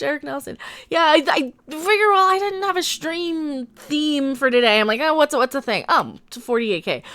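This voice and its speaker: A woman's voice: high voice, a bit bright. A woman hosting a casual livestream, chatting loosely with viewers, laughing often and thanking donors. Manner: chatty, laughs often, reads donations aloud. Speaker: livestream host.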